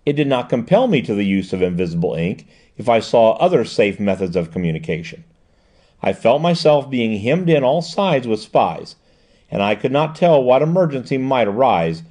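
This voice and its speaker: A man reading the lines of a sharp, composed woman detective in an audiobook, explaining in a precise, measured way. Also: mid-range voice, big pitch swings.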